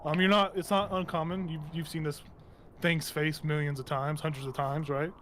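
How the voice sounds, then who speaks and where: A man's voice: a little high, level tone, moderate pace, a bit bright, a little hiss or hum. A man running a tabletop game, narrating loosely with lots of fillers and laughs. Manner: rambling, laughing, many fillers. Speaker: game master.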